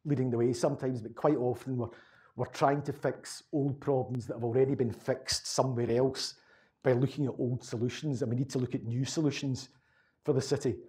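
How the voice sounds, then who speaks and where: Rambling Glaswegian man with mellow voice. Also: mid-range voice, fairly even intonation, a little fast. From Scotland. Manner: rambling, conversational, repeats words. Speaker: local historian giving a talk. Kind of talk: casual talk answering audience questions.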